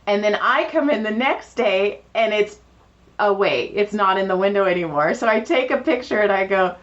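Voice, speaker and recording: Animated woman telling stories, lo-fi. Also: medium pitch, normal speed. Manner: animated, acts out quoted dialogue. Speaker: podcast co-host. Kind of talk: casual storytelling chat. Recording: dull lo-fi podcast audio.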